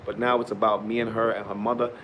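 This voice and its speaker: A middle-aged man vlogging in a casual, rambling way, swinging from loud preachy bursts to quiet, mumbled reflection. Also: fairly low pitch, flat delivery, fast, lo-fi sound, a little hiss or hum.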